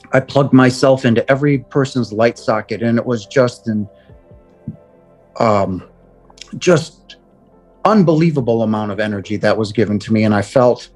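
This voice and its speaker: Middle-aged man, heartfelt spoken testimony, stumbling restarts, mid-pitched, faint music under. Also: a little mellow. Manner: earnest, halting with repeated words. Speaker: guest telling a near-death experience. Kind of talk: personal testimony.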